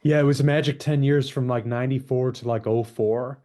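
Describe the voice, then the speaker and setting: Man, radio host, mellow tone, eager chatty interviewer. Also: mid-range voice, steady tone. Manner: eager, chatty, quick to agree. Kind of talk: interview hosting. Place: radio studio.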